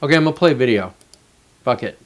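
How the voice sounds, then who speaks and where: Guy ranting on his own show, cussing a lot, sarcastic and fed up, normal mid pitch. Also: lively intonation, rapid-fire. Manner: profane, sarcastic, annoyed. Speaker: host. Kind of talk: casual ranting monologue.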